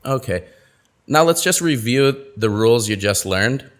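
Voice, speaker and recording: A man teaching pronunciation in a webinar, reading out example words with deliberate, exaggerated word stress. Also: medium pitch, expressive. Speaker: pronunciation coach. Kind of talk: webinar lesson.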